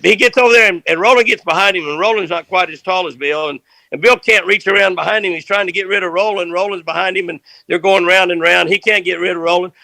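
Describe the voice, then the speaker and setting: An older man, telling a rambling fishing story in a folksy, animated way. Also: high voice, fast, gravelly, dry recording. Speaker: fishing guest.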